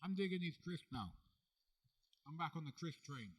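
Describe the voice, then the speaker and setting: A man co-hosting a podcast, playful and excitable, swearing freely. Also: on the high side, moderate pace, slightly rough, recorded from a distance. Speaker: podcast co-host, wrestler. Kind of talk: casual banter.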